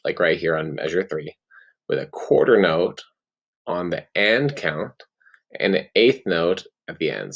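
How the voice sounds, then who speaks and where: Low-voiced man teaching a music lesson. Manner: counting rhythms aloud in steady cues; gives cues like "ready, go".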